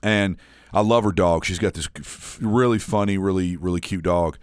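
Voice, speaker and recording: A man's voice: sits low, normal speed, no echo, clean studio sound. A man with a slight Southern American drawl telling stories in casual podcast chat, rambling with restarts. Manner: rambling storyteller, many restarts.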